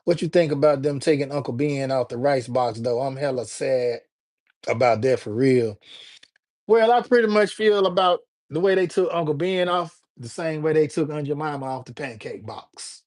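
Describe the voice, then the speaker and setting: A man's voice: on the high side, normal speed, darkish tone. A man from Alabama, hosting a casual livestream and chatting in a laid-back, slangy way while greeting viewers by name. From Alabama, USA. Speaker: livestream host.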